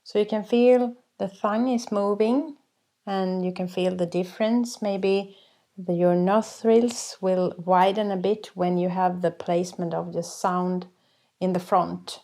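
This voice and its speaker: Woman vocal coach, unhurried and patient teaching delivery. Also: lowish voice, fairly even intonation, vocal fry, warm tone. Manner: slow, patient explaining with sung and barked demonstrations. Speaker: folk singer and vocal coach. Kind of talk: workshop teaching.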